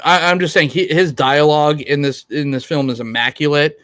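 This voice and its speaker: A man's voice: on the high side, steady tone, fairly quick, fairly bright tone, dry recording. A man co-hosting a casual podcast chat, rambling with many restarts. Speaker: podcast co-host.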